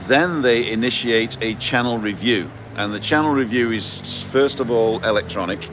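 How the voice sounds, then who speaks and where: A man's voice: medium pitch, moderate pace. A man hosting a casual live stream and explaining things step by step. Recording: street noise and passing vehicles.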